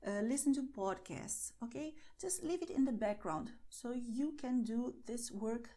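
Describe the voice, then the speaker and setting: Patient woman teaching Spanish, mellow voice. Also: on the high side, unhurried. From Spain. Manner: patient, reassuring, often adds "okay?". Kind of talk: online language lesson.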